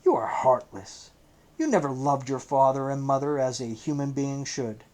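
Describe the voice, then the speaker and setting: A man reading an audiobook, voicing a gentle, troubled older rabbi who speaks in a tender, coaxing way. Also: medium pitch, lively intonation, normal speed, close to an everyday voice.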